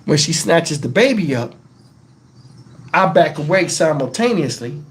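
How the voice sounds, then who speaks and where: This middle-aged channel host from Texas has a fairly high, unhurried voice. He rambles through a story to camera in an animated way, swearing freely and veering into one aside after another.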